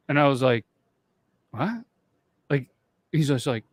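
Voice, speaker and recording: A man's voice: fairly high pitch, expressive, moderate pace, pauses often, husky, no echo. A man from the United States co-hosting a podcast, telling rambling stories in casual chat. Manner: storytelling, rambling. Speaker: podcast co-host.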